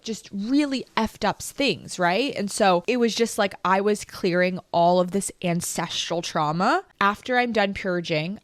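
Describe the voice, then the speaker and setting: A woman's voice: mid-range voice, no room sound, clean studio sound. A woman hosting a podcast, telling a personal story in an emotional, reflective way with lots of "like". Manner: emotional, reflective, heavy use of "like". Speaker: podcast host.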